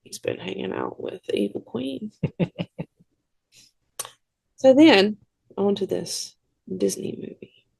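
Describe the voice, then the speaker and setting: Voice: medium pitch, slow, gravelly, pauses often, slightly rough, no room sound. A podcast co-host chattily recapping a film scene by scene, tossing in wry asides. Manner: chatty, animated storytelling with asides. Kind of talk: casual movie recap.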